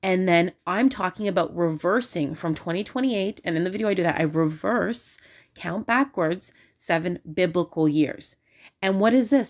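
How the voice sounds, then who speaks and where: A woman talking excitedly and casually into her phone, full of fillers and restarts. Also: lowish voice, measured pace. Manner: excitable and talkative, many fillers. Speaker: religious video creator. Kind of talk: casual talk to camera.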